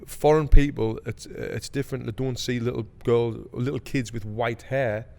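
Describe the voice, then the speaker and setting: A man's voice: medium pitch, steady tone, moderate pace, gravelly, a little mellow. A man, chatting on a podcast. He tells his story casually, swearing and acting out what people said with real heat. His voice carries a long reverb tail. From England. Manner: swears freely, acts out quotes with heat. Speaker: podcast host.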